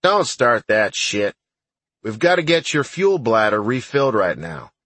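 A man voicing a gruff, blunt older army sergeant in an audiobook, with a husky voice. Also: mid-range voice, very animated, unhurried, fairly bright tone, no echo.

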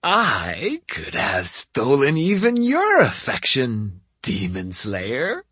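A man voicing a vain, teasing old noblewoman with a raspy voice in an audiobook. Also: medium pitch, wildly swooping pitch, slow pace, sharp tone, no echo, full character voice. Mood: sly. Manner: sly, teasing, imperious. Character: old woman lady, sly, teasing, vain, drinks and smokes. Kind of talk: audiobook character voice.

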